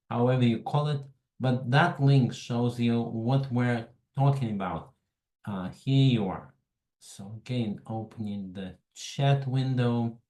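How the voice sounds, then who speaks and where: A man from Russia with a Russian accent, hosting an online webinar in a slow, halting way and greeting attendees by name. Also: mid-range voice, mellow, echoey room, low-quality recording. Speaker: webinar host. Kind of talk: casual online presentation.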